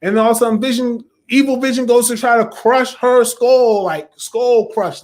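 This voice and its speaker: A man hosting a casual video review, chatty and animated, acting out quotes as he talks. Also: high-pitched, normal speed, few pauses. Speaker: show host reviewing an episode.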